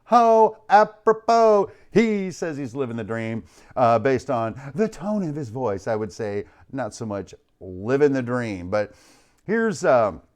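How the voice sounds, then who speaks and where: A man hosts a live stream in a hyped, joking way. His voice swings widely between high bursts and low, trailing endings. He is speaking into a studio mic. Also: big pitch swings, unhurried. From United States. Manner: hyped, playful, shouts out chat names, trails off low. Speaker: host of a live online show. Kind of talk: energetic live-stream chat.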